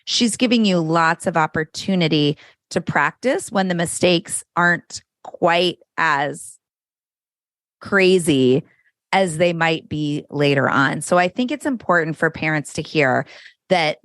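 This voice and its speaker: A middle-aged woman, a parenting coach, chats casually as a podcast guest, speaking candidly and frankly and swearing freely. Her voice is low, expressive and a bit bright, with a slightly slow pace. The recording is dry, with clean studio sound.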